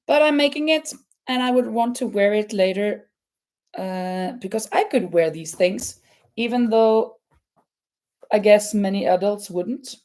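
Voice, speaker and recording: A woman from Norway with a Norwegian accent, hosting a casual live crochet chat in a halting way, with many fillers and restarts. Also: medium pitch, darkish tone. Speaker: crochet channel host.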